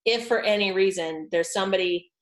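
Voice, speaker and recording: A woman voice coach chatting on a podcast, telling lively stories and acting out what she said to clients. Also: mid-range voice, fairly quick, low-quality recording. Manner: animated storyteller, acts out quotes. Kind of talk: casual podcast chat.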